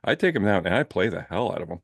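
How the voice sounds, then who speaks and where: A man's voice: lowish voice, very animated, fast, no echo, clean studio sound. A man from Canada, a guest on a casual movie review chat, talking in playful, enthusiastic bursts.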